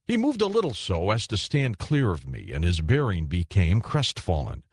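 A man reading a classic ghost story aloud as audiobook narration, telling it in a measured way and voicing the characters. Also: low voice, huge pitch swings, darkish tone, slightly rough, no echo, clean studio sound.

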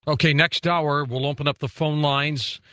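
A man's voice: on the high side, fairly even intonation, normal speed, bright, forceful tone, no echo. A man hosting a late-night radio talk show from a studio microphone, prompting his guest with questions and announcing what comes after the break.

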